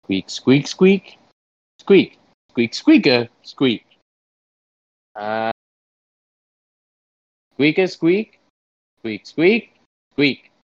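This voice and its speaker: A man squeaking as a haughty squirrel prince. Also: big pitch swings, darkish tone, dull audio, heavily acted. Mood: chattering. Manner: chattering squeaks in quick bursts.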